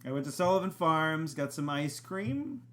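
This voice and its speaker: Man, slightly high voice, profane, rambling, casual podcast co-host. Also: big pitch swings, normal speed, a bit bright. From Boston area, Massachusetts. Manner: profane, rambling, self-mocking. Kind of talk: casual chat.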